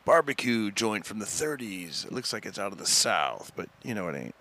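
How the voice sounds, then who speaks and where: A man's voice: lowish voice, very animated, moderate pace, creaky, bright, forceful tone. A man, a stand-up comedian, telling a rambling story with frequent chuckles in a casual podcast chat.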